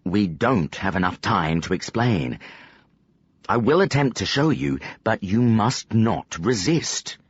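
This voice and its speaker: A man voicing a stern older male magician who acts as a calm mentor, speaking in a slow, measured, commanding way. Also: lowish voice, husky, no room sound, lo-fi sound, full character voice.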